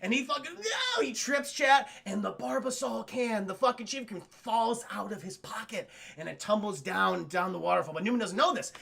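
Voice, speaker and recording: Male streamer, profane live recap, gravelly and sharp-toned. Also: high-pitched, a little fast, hardly any pauses. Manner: animated, profane, talks to chat. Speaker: streamer and film reviewer.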